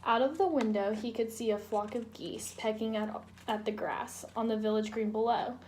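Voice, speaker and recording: Young woman, student reader, children's storybook narration, slightly high voice. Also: steady tone, normal speed, a little mellow, slight background noise. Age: young adult. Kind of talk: read-aloud storybook narration.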